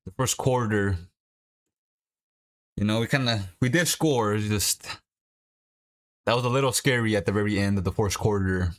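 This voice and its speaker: A man's voice: fairly low pitch, moderate pace, long pauses. Chatty young man hosting a stream. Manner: chatty, coaching viewers through workouts. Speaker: livestream host. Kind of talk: casual watch-along chat.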